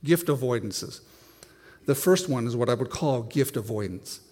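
A man's voice: mid-range voice, expressive, moderate pace, darkish tone, in a large hall. A man preaching a sermon, telling self-deprecating stories with frequent restarts.

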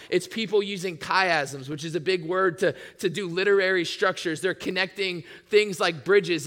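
A man preaching a sermon in a casual, excitable way, often filling his speech with "like". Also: sits high. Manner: casual and excitable, many "like" fillers. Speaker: pastor. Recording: long reverb in a large hall.

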